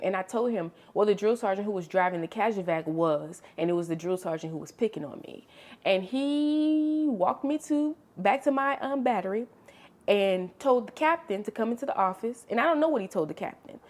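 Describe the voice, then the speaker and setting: A young adult woman vlogger telling a story in casual, chatty storytime style. She is expressive and animated, and she calls the listener honey and girl. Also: mid-range voice, fairly quick. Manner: animated, expressive storytelling with sharp swings in loudness.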